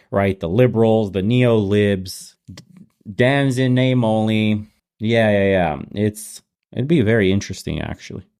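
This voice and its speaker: A man's voice: on the low side, a little mellow. A man hosting a casual reaction commentary, ranting bluntly and swearing often. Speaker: host.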